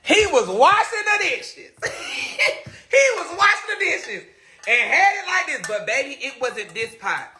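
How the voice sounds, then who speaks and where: Male streamer, very bright tone, animated storytelling with frequent laughs. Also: extremely high pitch, normal speed, faint music behind. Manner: animated, laughs often, talks straight to viewers. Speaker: live streamer. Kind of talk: casual storytelling on a live stream.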